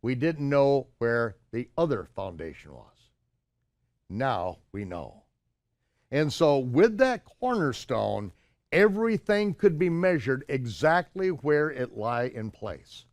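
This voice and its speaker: An older man telling a personal story in an animated way, acting out the shouted exchanges in a higher voice. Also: slow, no echo. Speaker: storyteller recounting his own travels. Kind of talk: anecdotal storytelling.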